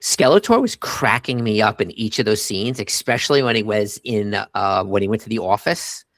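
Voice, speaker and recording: Middle-aged man, co-host, low voice, dry close sound, animated scene-quoting. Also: normal speed, no echo. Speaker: podcast co-host. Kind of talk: casual movie review chat.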